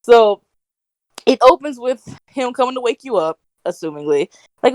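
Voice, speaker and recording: A woman's voice: mid-range voice, brisk, dry recording. A woman co-hosting a casual podcast over a video call, rambling with lots of fillers and laughing often. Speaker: podcast co-host.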